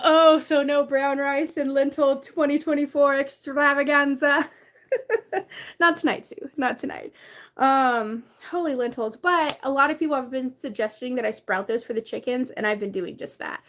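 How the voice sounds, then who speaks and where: A woman's voice: on the high side, fairly bright tone. Chatty woman live-streaming from her bedroom. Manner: chatty, greets viewers by name, laughs often. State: tired, coughing. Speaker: livestream host. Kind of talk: casual live-stream chat.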